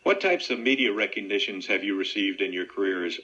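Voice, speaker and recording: A man's voice: lowish voice, fairly quick, sharp tone. A man who hosts a radio interview, asking plain and direct questions. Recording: dull lo-fi radio audio.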